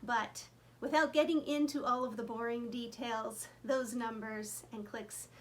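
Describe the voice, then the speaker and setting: Woman, fiddle teacher, chatty, counts beats aloud, higher voice, faint background hiss. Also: steady tone, measured pace. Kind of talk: friendly instructional talk.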